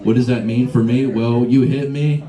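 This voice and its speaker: A man's voice: medium pitch, steady tone, normal speed, dark tone. A young man performing a rambling, profane stand-up set at a small bar, riffing with the audience. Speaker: stand-up comedian. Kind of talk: live stand-up comedy set. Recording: echoey room with crowd noise.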